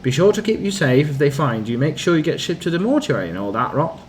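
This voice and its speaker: A man's voice: on the high side, big pitch swings, fast talker, a little hiss or hum, pitched above the performer's own voice. A man voicing a scheming, wheedling old man who leans on a crutch, reading game dialogue aloud. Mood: nervous. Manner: wheedling, sly.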